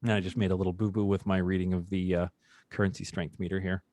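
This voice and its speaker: A man's voice: low voice, flat delivery, fast, a little mellow, dry recording. A man hosting a live trading session, talking through charts in a chatty, upbeat way and joking with the group. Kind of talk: casual live trading demonstration.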